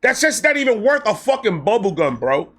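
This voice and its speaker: A man telling a personal story in a casual vlog, excitable, animated and full of profanity. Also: high voice, fairly quick, husky. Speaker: storyteller host.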